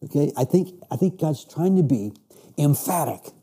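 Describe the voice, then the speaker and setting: A man's voice: on the high side, lively intonation, moderate pace, warm tone, breathy edge. A man teaching a Bible class, reading verses aloud and explaining them with emphatic restarts. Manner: reads scripture then explains with emphatic restarts.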